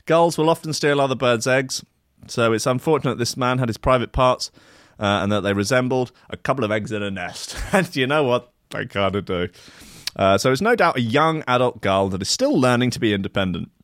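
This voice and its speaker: A man's voice: medium pitch, animated, a little fast, fairly bright tone, no echo. Male host, sardonic and full of filler, dry close recording. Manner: sardonic, mock-outraged, heavy with filler. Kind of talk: comic news-reading riff.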